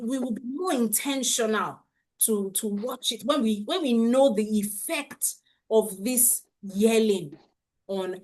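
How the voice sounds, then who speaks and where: A middle-aged woman leads a live parenting webinar at a slow, unhurried pace. Her voice sits a little high, and she circles back over her points, often asking viewers to confirm in the chat. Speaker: parenting coach.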